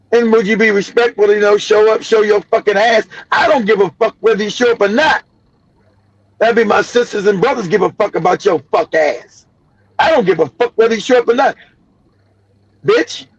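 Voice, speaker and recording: Casting: high-pitched, gravelly man in his fifties, loud profane storyteller, dull dry sound. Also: no echo. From Los Angeles. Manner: loud, profane, laughing often. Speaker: livestream host.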